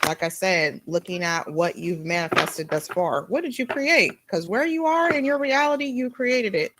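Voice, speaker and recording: A young adult woman giving a casual spiritual tarot reading, blunt and animated, swearing freely as she talks. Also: medium pitch, normal speed, noisy background. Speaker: tarot reader.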